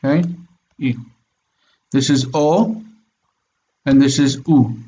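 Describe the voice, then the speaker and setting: A man's voice: medium pitch, steady tone, slow pace, dark tone, muffled recording. A man teaching Biblical Hebrew in an online class, explaining step by step and checking in with his students. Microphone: video call.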